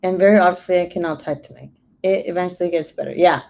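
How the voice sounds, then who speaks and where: A woman's voice: fairly low pitch, quick pace, gravelly, lo-fi sound, a little hiss or hum. A young adult woman chatting casually to camera, telling a story with lots of swearing and acted-out quotes. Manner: animated, swears freely, acts out quotes. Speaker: mom vlogger.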